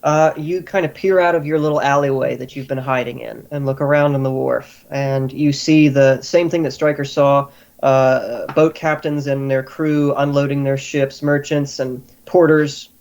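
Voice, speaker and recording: Game master, male, mid pitch, easygoing scene narration for a tabletop session. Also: steady tone, normal speed, vocal fry, few pauses, a little mellow, rough recording.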